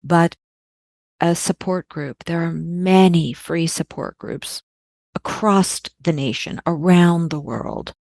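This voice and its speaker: A woman with a low, slightly gravelly voice talks earnestly in a podcast conversation. She stresses the important words by repeating them. The sound is close and dry, with no room around it. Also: takes it slowly, darkish tone, dry recording.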